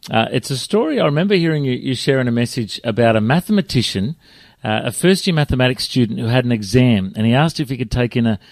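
A man's voice: medium pitch, expressive, fast, gravelly, no room sound. A man interviewing a guest in a casual, hesitant way with many fillers.

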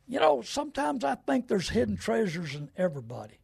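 Folksy man with a gravelly voice. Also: sits high, sing-song, a little fast, a little mellow, no echo, clean studio sound. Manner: folksy and preachy, rising to indignant rants. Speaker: radio show host and car dealer. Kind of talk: folksy radio talk with scripture.

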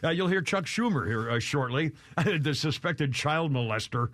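A male talk radio host rambles through his opinions in a studio, breaking into laughs and mock voices as he goes. His voice sits high for a man and comes across dry and close to the mic. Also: expressive, moderate pace, a bit bright, dry recording. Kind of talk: casual talk radio chat. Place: radio studio with video cameras. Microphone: studio microphone.

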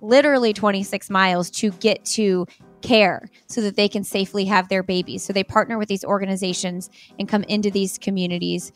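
A woman's voice: mid-range voice, steady tone, a little fast, soft background music. Chatty American woman, laughing guest. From United States. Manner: chatty, laughs often, many fillers like "like". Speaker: podcast guest, marathoner. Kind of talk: casual interview chat.

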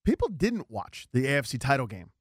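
Male sports radio host, 40s, animated self-mocking storyteller, dry studio sound. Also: medium pitch, fairly quick, breathy edge, no room sound. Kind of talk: casual sports talk.

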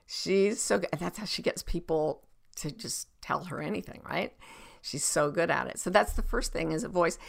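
Gravelly-voiced woman coach, animated delivery. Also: on the low side, normal speed. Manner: expressive, acts out example exchanges, sometimes drops to a whisper. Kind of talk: advice podcast talk.

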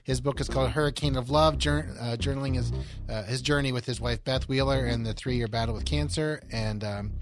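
A man's voice: mid-range voice, brisk. Man hosting a radio talk show. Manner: relaxed, affirming, with fillers. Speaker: radio host. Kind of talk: radio interview.

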